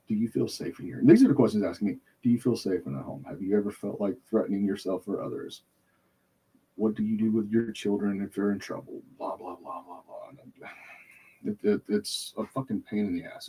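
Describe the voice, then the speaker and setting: A man's voice: on the low side, mellow, slightly rough. A man hosting a podcast, telling a heated, profane story in casual chat, swearing constantly. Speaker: podcast host.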